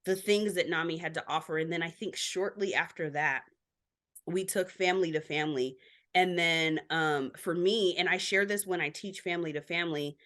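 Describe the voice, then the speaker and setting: A woman's voice: on the low side, normal speed, fairly bright tone. A woman guest on a podcast, telling her family story openly, with lots of filler likes. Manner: open, candid storytelling. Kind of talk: casual interview chat.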